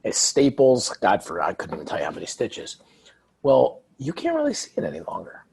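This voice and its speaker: A man's voice: fairly low pitch, brisk, vocal fry, breathy edge. A man who is a guest author in an interview, telling stories and acting out quoted dialogue. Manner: animated storyteller, acts out quoted dialogue. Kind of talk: conversational interview.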